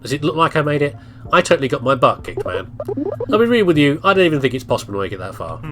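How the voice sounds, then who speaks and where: A man's voice: medium pitch, very animated, fast, music in the background, natural voice. Give me a man voicing a discouraged young woman intern, glum and doubtful.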